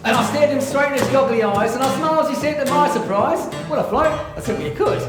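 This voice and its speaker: A man's voice: very high-pitched, lively intonation, quick pace. A man playing a boisterous pirate captain on a theatre stage, singing and reciting rhyming verse to a live audience. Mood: rowdy singalong. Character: boisterous old-time pirate captain, male. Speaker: solo stage performer. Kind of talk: live theatre show with songs and poems. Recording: echoey live theatre with music.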